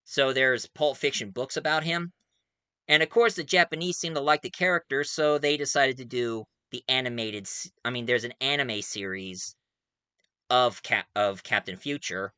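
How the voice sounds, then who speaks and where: In a casual video monologue, a man rambles enthusiastically about his audio drama project, often correcting himself. His medium-pitched voice is bright, forceful, clear and resonant at a normal speed, with no room sound.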